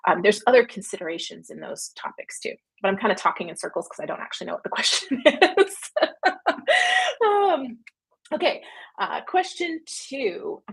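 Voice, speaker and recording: A Canadian woman talks through viewer questions on a casual livestream, her voice slightly husky. She rambles warmly into tangents, filling pauses with ums and quick laughs. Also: mid-range voice. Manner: chatty and rambling, frequent fillers and laughs. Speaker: publishing company founder hosting a livestream.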